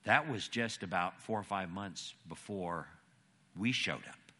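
Low-voiced preacher telling a story. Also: male voice, measured pace, bright, forceful tone. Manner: storytelling, emphatic. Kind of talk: sermon.

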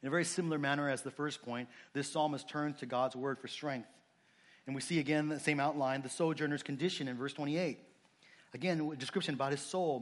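A man preaching a sermon, earnest and conversational, dropping low and soft on emotional points and rising when he stresses a point. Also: brisk. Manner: conversational asides and restarts. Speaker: pastor.

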